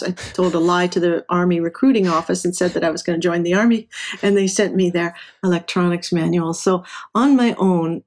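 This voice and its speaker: Middle-aged woman, lowish voice, chatty storyteller guest. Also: darkish tone. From Southern California. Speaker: interview guest, engineer and professor. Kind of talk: casual storytelling.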